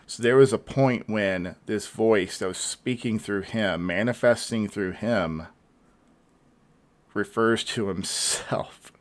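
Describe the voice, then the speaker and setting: A male host giving thoughtful reaction commentary, pausing often with hesitant fillers. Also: lowish voice.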